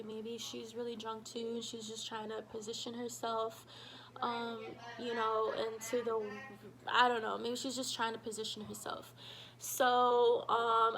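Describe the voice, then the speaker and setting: A woman telling a personal story in a casual vlog, animated and full of fillers, acting out what people said. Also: a little high, vocal fry, poor audio. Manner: animated, shouts quoted lines, many fillers. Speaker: storytime vlogger.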